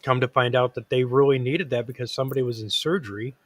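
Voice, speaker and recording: A man's voice: mid-range voice, quick pace. A man hosting a casual talk show, earnest and rambling, with lots of fillers and restarts. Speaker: podcast host. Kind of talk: casual chat.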